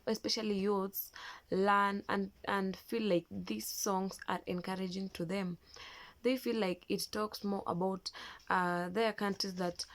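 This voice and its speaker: A woman hosting a commentary video, talking in a hesitant way with many pauses and restarts. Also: medium pitch. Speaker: commentary host. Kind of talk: YouTube commentary.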